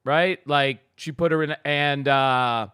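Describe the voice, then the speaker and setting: A man's voice: medium pitch, slow pace, clear, resonant tone, dry recording, studio quality. A man co-hosting a comedy podcast, telling a story in casual chat and acting out what he said. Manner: animated, acts out his own quoted lines. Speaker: podcast co-host.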